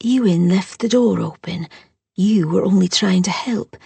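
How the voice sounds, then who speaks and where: A woman's voice: lowish voice, unhurried, vocal fry, warm tone, husky, no echo, full character voice. A woman voicing a firm, protective older sister in an audiobook. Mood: caring. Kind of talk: audiobook character voice.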